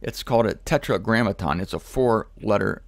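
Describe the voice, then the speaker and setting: A man teaching from scripture in an energetic, animated way, repeating words for emphasis and getting excited. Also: lowish voice, moderate pace, creaky, no room sound. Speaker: Bible teacher.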